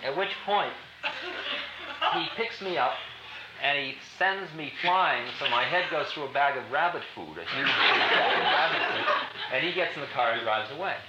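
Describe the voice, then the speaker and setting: A man spins a long spiritual anecdote in loose, hip slang, laughing as he goes. The old recording sounds dull and lo-fi, with a roomy echo under the voice. Loud hiss runs beneath it throughout. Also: medium pitch, normal speed. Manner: laughing, hip casual slang, animated storytelling. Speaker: spiritual teacher telling a story to an audience. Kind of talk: storytelling talk.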